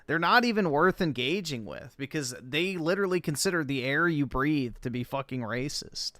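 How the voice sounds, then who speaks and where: A man's voice: on the high side, lively intonation, normal speed, pushed and bright, no room sound. A man hosting a livestream, reacting to videos in heated, profane rants. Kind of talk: live reaction commentary.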